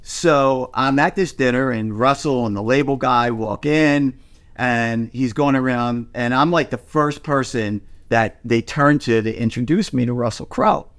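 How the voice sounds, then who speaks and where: A man's voice: medium pitch, a little slow. A middle-aged man co-hosting a music podcast, telling a story in casual chat, swearing freely and poking fun at himself. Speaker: podcast co-host.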